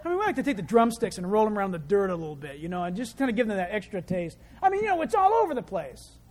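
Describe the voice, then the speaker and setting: A male preacher giving a sermon, telling the story with lively, animated delivery that swings from loud to quiet. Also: high voice, racing.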